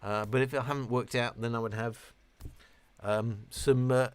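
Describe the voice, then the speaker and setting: A man's voice: medium pitch, moderate pace, clear, resonant tone, dry recording. Guy chatting on a midnight stream, loose and rambly, dry close sound. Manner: rambling, relaxed, a bit tipsy. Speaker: livestream host. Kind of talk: late-night casual livestream chat.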